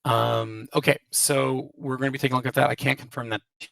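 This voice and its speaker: Man, gravelly voice, hedging casual Q&A talk, distant from the mic, robotic glitchy voice chat audio. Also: mid-range voice, steady tone, quick pace, a bit bright, no room sound. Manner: hedging, many restarts and fillers. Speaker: game developer hosting a Q&A. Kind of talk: casual live Q&A, reading out and answering questions. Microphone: voice chat call.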